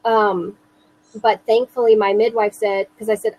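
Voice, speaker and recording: A woman in her thirties, a mother recounting her own experience in an interview, speaking slowly and earnestly with halting restarts. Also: medium pitch, flat delivery, rough recording. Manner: slow, earnest, self-reassuring, halting restarts. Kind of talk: personal testimony in an interview.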